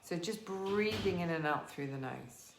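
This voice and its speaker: Gentle woman teaching yoga in an echoey room. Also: lowish voice, animated, measured pace, a little hiss or hum. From England. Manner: gentle, encouraging cues, greets students by name. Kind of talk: live online yoga class instruction. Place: living room at home.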